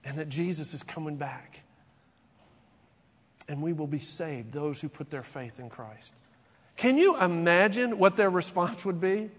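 A man's voice: on the high side, lively intonation, measured pace, long pauses, long reverb tail. A man preaching a conversational sermon as pastor, asking rhetorical questions and acting out imagined conversations. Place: church sanctuary.

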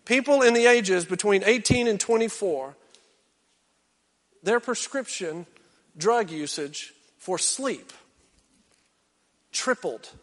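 High-voiced preacher in a reverberant hall. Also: male voice. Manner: dynamic, swinging from loud exhortation to hushed intensity. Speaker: pastor. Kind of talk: sermon.

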